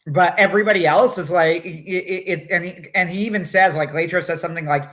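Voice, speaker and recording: A man co-hosting a casual livestream talk, animated, acting out quotes between many fillers. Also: a little high, a little fast, few pauses. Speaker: podcast co-host.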